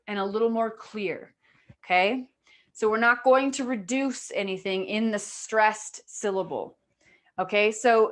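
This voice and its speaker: A woman teaching English pronunciation to a class, explaining patiently step by step and often checking in with her students. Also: fairly high pitch.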